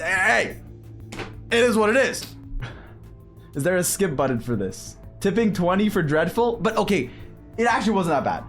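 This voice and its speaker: Young male streamer, high lively voice, rambling and swearing, faint music behind. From Canada. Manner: rambling, swearing, animated storytelling. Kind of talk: casual gaming stream chat.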